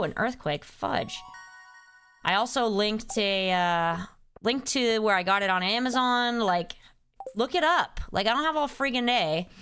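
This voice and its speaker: A woman's voice: a little high, fairly bright tone, slight background noise. Exasperated woman streamer chatting. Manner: exasperated ranting, reads chat names aloud. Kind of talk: casual live-stream chat.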